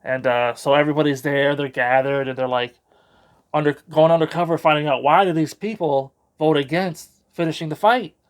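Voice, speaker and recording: A man's voice: on the high side, fairly even intonation, moderate pace. A man giving a casual, rambling spoken book review with a sarcastic edge.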